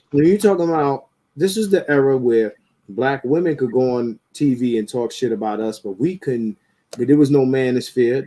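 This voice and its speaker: Male podcast host, mellow tone, casual and profane, animated. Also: medium pitch. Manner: animated, profane, rising into mocking quotes. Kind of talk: casual opinionated talk.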